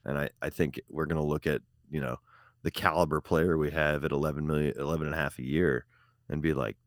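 Casual dude in his 30s joking around on a sports podcast, really deep voice, dry sound. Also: steady tone, fast, no echo. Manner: upbeat, joking, restarts phrases. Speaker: podcast co-host.

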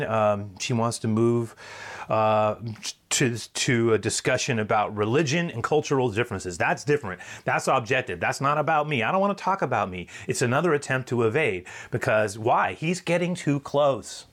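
A man preacher giving a sermon in a conversational, animated storytelling manner. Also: medium pitch, normal speed.

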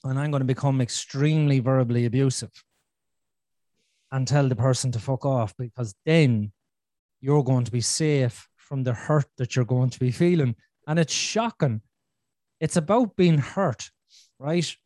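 A man's voice: medium pitch, a little slow, warm tone, no echo. A man hosting a podcast, talking candidly and bluntly, swearing freely and repeating himself for emphasis. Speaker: podcast host. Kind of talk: candid conversational chat.

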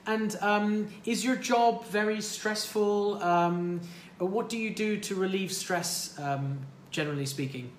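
A livestream host who also teaches English chats with callers in a friendly, casual way, full of fillers and restarts. His voice sits high and he speaks at a measured pace. The audio comes from a livestream mic and sounds roomy, with faint noise.

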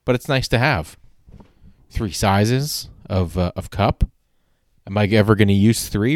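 A man's voice: on the low side, unhurried, no echo, studio quality. A man hosting a solo podcast, talking casually in a rambling, wry, self-deprecating way, with frequent restarts and casual swearing. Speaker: podcast host.

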